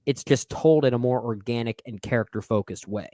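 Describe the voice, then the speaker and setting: A man's voice: mid-range voice, fairly quick, warm tone, no room sound. Man in analytical podcast chat, dry sound. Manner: thoughtful, analytical, agreeable with short "yeah" replies. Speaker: podcast co-host. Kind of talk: casual film discussion.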